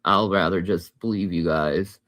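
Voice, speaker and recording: A woman's voice: a bass voice, unhurried, fairly bright tone. A woman co-hosting a casual chat, talking bluntly and swearing often. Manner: profane, blunt. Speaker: co-host.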